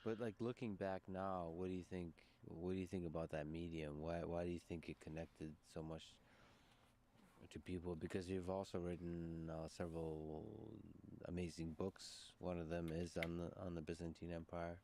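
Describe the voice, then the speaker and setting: A man's voice: sits low, level tone, normal speed, mellow, a little hiss or hum. A man hosting an interview, asking loose, enthusiastic questions peppered with fillers. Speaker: podcast interviewer. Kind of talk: conversational interview.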